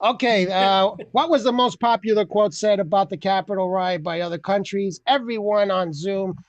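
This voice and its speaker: A man's voice: sits high, moderate pace, dull audio. A man hosting an open mic over a video call, cracking jokes, laughing at his own lines and tossing in Spanish slang. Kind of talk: loose joking Zoom chat.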